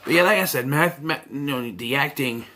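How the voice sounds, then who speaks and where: A man's voice: mid-range voice, a little fast, background noise. A man giving a casual, rambling movie review full of fillers and restarts.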